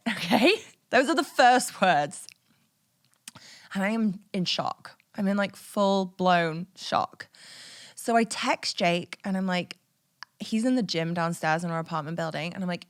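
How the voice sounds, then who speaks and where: A woman's voice: mid-range voice, a little slow. Frank woman telling a story. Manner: animated, frank, swears freely, laughs through stories. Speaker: podcast host. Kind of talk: candid storytelling monologue.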